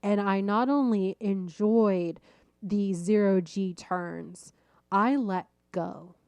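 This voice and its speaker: A middle-aged woman hosting a podcast, telling a personal story in a lively, self-deprecating way and laughing at herself. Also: on the low side, no echo. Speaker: podcast host.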